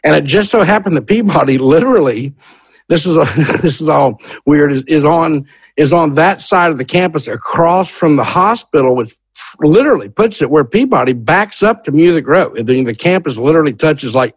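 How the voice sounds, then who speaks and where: A man telling his own story in a casual, animated way, often restarting his sentences. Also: on the high side, normal speed, slightly rough, dry recording. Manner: animated, many restarts and repeats "literally".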